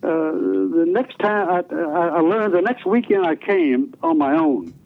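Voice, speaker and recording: A man's voice: on the high side, expressive, a little slow. Older man on a tinny phone line. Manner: folksy, rambling, many restarts. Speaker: retired radio DJ guest. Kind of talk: storytelling interview.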